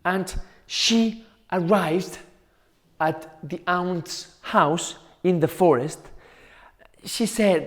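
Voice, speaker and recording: A male teacher telling a folk tale to schoolchildren, slow and repetitive with dramatic pauses. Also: high-pitched. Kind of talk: storytelling for children.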